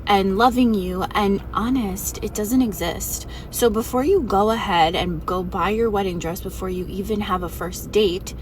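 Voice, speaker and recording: A woman's voice: mid-range voice, normal speed, few pauses, distant mic, soft background music, rough recording. A woman gives a blunt, scornful opinion rant straight to the camera.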